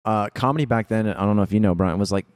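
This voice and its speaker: Brief: male co-host, low voice, loose and chatty, dry sound. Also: quick pace, no room sound. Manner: relaxed, many likes and fillers. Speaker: podcast co-host. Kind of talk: casual interview chat.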